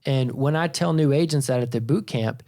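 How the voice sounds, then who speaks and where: A man's voice: medium pitch, fairly quick, darkish tone. A man co-hosting a sales podcast, explaining things in an emphatic, instructive way. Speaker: podcast co-host and sales trainer. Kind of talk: podcast discussion.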